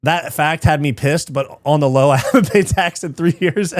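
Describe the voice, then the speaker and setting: A man's voice: fairly high pitch, moderate pace, no echo, studio quality. A man hosting a live fight watch party, chatting casually, reading chat aloud, swearing often and laughing easily.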